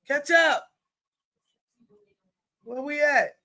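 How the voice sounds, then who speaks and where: A woman streaming live play-by-play commentary in a chatty, colloquial way, exclaiming loudly at good plays. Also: sits high, expressive, drawn-out words.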